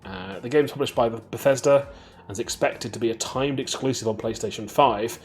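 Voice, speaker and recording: Host, male, mid pitch; reads news crisply, then chats loosely with his co-host. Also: a little mellow. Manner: brisk, reads headlines then banters. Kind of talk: reading games news and chatting.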